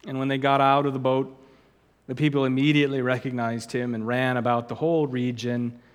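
A man's voice: medium pitch, level tone, a little fast, smooth, in a large hall. A man preaching a sermon, emphatic and earnest, repeating words as he presses his points and rising to sudden outbursts. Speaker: pastor.

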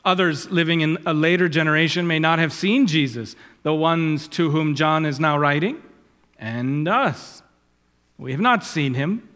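A man preaching at an unhurried pace, his voice sitting a little high for a man. He rises and swells on quoted verses and sinks low on asides. A long reverb trails every phrase, like a sanctuary. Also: a bit bright. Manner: rises in pitch and volume when quoting Scripture, drops low on asides. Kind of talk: sermon.

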